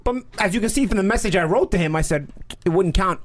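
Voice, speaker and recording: A boxer speaking in a casual chat, quick and insistent, often repeating his words. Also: sits high, expressive.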